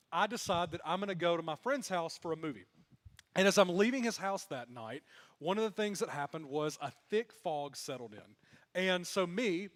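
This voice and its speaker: Young male pastor, high pitch, humorous storytelling sermon, long reverb of a big room. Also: fairly bright tone. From Mississippi. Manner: storytelling with self-deprecating humor. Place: church sanctuary.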